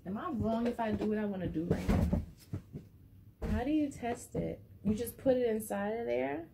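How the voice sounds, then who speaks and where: A woman's voice: a little high, expressive, moderate pace, creaky, heavy background noise. A woman vlogger chatting casually and rambling to her viewers as she unboxes something, a little out of breath.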